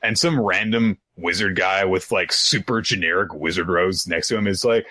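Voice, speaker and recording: Man co-host, lower voice, bright and expressive, recaps manga with quick put-on voices. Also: no room sound. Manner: animated, acts out characters in jokey voices, swears. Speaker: podcast co-host. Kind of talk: casual chat recapping manga.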